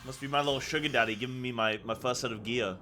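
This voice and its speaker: A man's voice: mid-range voice, steady tone, fast, bright, forceful tone, slight background noise. A man streaming a game, chatting casually in a joking, self-deprecating way.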